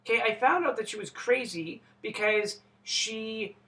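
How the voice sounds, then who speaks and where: A man's voice: sits high, measured pace, pushed and bright, low-quality recording. A man telling a personal story in a rambling, profane way, often breaking off and restarting. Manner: rambling, profane, self-interrupting. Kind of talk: casual storytelling monologue.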